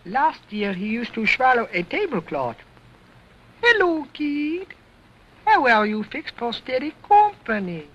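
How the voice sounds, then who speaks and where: A man's voice: very high-pitched, very animated, a little slow, crowd noise, background noise, voice pushed up, full character voice. A man doing a cheeky little boy dummy. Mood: sassy. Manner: wisecracking in broken English. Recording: dull lo-fi old recording.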